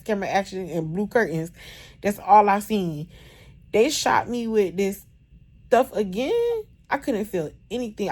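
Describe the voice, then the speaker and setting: A woman in her thirties telling a casual, animated story to camera, still sore and uncomfortable after surgery. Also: medium pitch. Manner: animated, chatty, lots of "like" and "bro". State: recovering after surgery, in discomfort. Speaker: vlogger.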